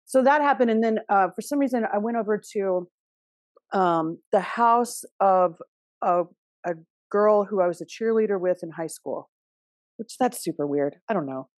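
A woman's voice: medium pitch, moderate pace, darkish tone, no echo, clean studio sound. A middle-aged woman hosting a casual astrology talk, chatty, restarting often and laughing now and then. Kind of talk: casual spoken advice.

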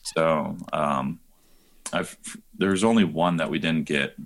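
A man's voice: extremely low pitch, takes it slowly, slight background noise. A man in a band chatting casually on a podcast about writing the lyrics, laid-back and swearing freely.

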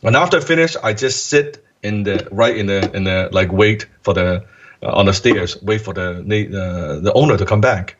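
Husky-voiced man telling a lively story. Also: fairly low pitch, normal speed, lo-fi sound. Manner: animated, acts out quoted voices, swears casually. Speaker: guest entrepreneur. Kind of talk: casual storytelling interview.

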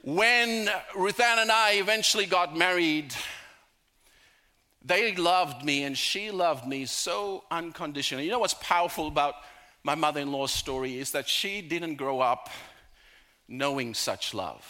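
Bright-voiced man preaching with humor. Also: a little high. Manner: storytelling, humorous asides, slows for emphasis. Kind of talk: sermon with personal stories.

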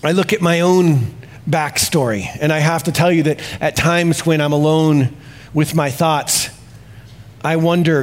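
A male pastor preaching a sermon in a confessional tone, swinging between hushed reflection and exclamation. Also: a little high, unhurried.

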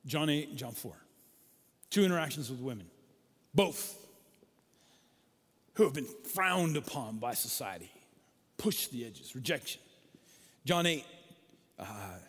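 Animated man preaching in a reverberant hall. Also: medium pitch, husky. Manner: animated storytelling, acts out quoted voices. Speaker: pastor. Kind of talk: sermon.

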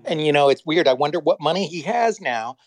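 A man in casual talk as a guest, telling a story in a rambling, animated way, full of restarts and acted-out quotes. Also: a little high, brisk, no echo, low-quality recording. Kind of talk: casual storytelling on a live audio chat.

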